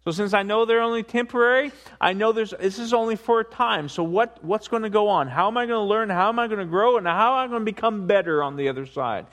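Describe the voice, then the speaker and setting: A man preaching a sermon, swinging between hushed asides and rising, emphatic points, with frequent repetition. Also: high-pitched, fast talker, few pauses. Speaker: pastor.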